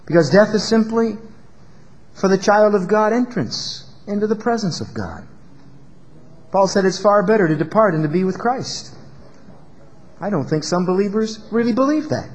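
Emphatic high-voiced male preacher. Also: in a large hall. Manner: emphatic preaching, rising and dropping loudness. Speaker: pastor. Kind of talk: sermon.

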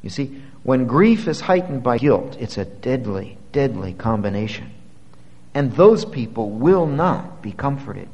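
A man preaching a sermon. He retells a scripture story with dramatic swings from quiet to loud. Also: mid-range voice, very animated, measured pace, big-room sound, highs cut off.

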